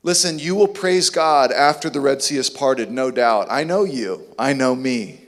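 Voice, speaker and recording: A man's voice: mid-range voice, a little slow, in a large hall. A man preaching a sermon with emphatic, rhetorical questions. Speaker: pastor.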